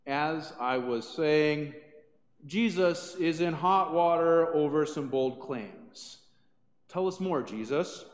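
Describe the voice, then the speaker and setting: A man voicing a brisk talk show host who announces his guests in an upbeat way, in an echoey hall. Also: on the high side, expressive. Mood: composed.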